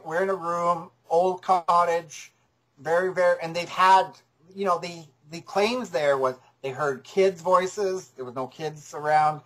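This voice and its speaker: A man who works as a paranormal investigator, a guest on a talk show, excitedly telling the story of a case. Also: on the high side, rough recording. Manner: excited, builds up his story. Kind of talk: casual interview.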